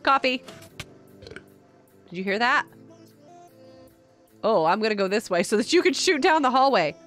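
A woman's voice: a little high, lively intonation, normal speed, a bit bright, soft background music. A middle-aged woman live-streaming a game, chatting casually with viewers, giggling often and sounding a little tired. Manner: chatty, giggly, reads and answers chat.

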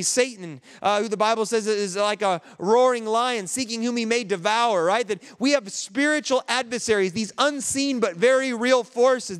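A male pastor delivers an earnest, conversational sermon, often restarting his sentences. His voice sits high and sounds smooth and resonant. The long reverb of a large hall trails after each phrase. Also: fairly bright tone.

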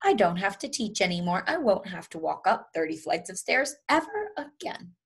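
Brief: a woman putting on a mean storybook teacher, breathy and shrill, bossy and spiteful. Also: very animated, moderate pace, exaggerated voice. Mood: gleeful. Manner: shrill, shrieking threats.

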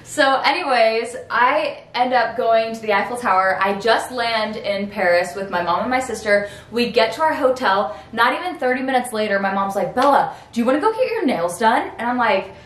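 A woman's voice: fairly high pitch, animated, normal speed, hardly any pauses, fairly bright tone, echoey room, poor audio. A young woman in her twenties, a vlogger telling a story in a chatty way, full of "like" and acted-out quotes. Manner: chatty, lots of "like", acts out quoted lines. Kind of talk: casual storytelling.

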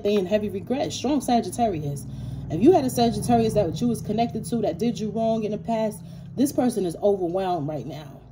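A woman's voice: fairly low pitch, warm tone, a little hiss or hum. A woman giving a casual tarot reading, blunt and profane, talking straight to the viewer and repeating herself for emphasis. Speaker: tarot reader.

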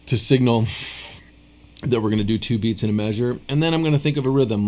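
A man teaching rhythm writing in a relaxed video lesson, counting and scatting beats aloud, with a casual, self-deprecating manner. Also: fairly low pitch, brisk. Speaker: music teacher.

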